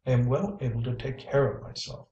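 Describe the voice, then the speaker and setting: A man reading a quietly firm young woman. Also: medium pitch, animated, brisk, highs cut off, a little hiss or hum, natural voice. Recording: roomy, distant mic.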